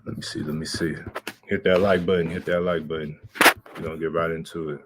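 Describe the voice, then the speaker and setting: Deep-voiced laid-back male livestream host. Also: little pitch movement, fairly quick, very noisy. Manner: laid-back, rambling, slangy. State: out of breath. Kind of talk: casual livestream chat.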